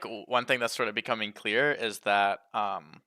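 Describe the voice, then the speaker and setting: A man's voice: lowish voice, fairly even intonation, moderate pace, hardly any pauses, sharp tone, dry recording, studio quality. A man hosting a casual esports panel, steering the talk along and laughing easily with guests. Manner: easygoing, guiding the talk, laughs often. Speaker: host moderating the panel.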